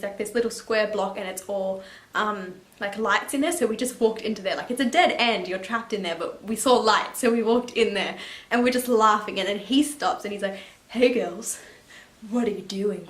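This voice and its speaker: Chatty teenage girl in an echoey room. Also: medium pitch. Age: late teens. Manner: chatty, animated, laughing and swearing casually. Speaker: vlogger. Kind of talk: story time chat.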